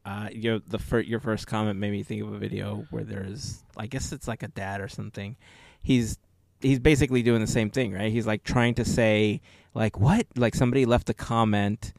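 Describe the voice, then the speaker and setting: A man's voice: lowish voice, fairly even intonation, moderate pace, creaky, a little mellow, no room sound, studio quality. A man hosting a podcast, chatting casually and rambling through stories with many restarts. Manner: rambling, self-correcting storyteller. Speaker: podcast host.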